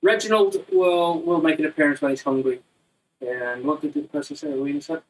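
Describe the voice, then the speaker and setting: Male martial arts instructor, higher-pitched, rambling and jokey, heard from a distance in a living room. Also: steady tone, a little fast, a little hiss or hum. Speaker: Muay Thai instructor. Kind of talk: casual live online class chat. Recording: distant, slightly roomy sound.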